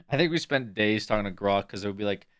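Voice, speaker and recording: A man's voice: fairly low pitch, animated, fairly quick, a bit bright. A young adult man chatting casually on a livestream, rambling with lots of fillers. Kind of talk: casual stream chat.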